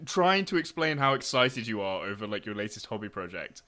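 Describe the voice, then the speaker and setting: A man's voice: fairly low pitch, very animated, sharp tone. A man co-hosting a podcast in casual chat, reacting with enthusiasm. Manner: enthusiastic, quick reactions and laughter.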